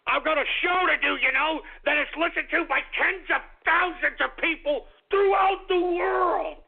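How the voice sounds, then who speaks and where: A man's voice: extremely high pitch, normal speed, creaky. A man hosting a radio talk show, ranting in an agitated, swearing, stammering way. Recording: tinny phone-like radio audio.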